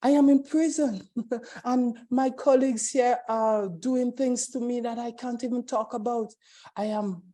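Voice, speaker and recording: A woman's voice: fairly high pitch, steady tone, measured pace, warm tone. A woman voicing a troubled teenage girl in the care system, pleading and asking anguished questions. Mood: despairing.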